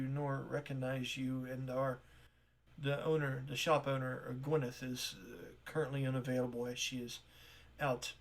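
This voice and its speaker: A man voicing a flustered, polite young woman clerk in a shop. She speaks softly and hesitantly, with many pauses. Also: medium pitch, natural voice. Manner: hesitant, soft-spoken, many "um"s.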